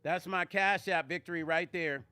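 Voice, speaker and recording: Jersey-accented male live-stream host, raised voice, bright and punchy, chatty with his viewers. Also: a little high, moderate pace, clear, resonant tone, dry recording, faint music behind. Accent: New Jersey. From New Jersey. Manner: chatty, greets and answers chat viewers by name. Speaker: music vlogger hosting a live stream. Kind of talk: casual live-stream chat, reading viewer comments.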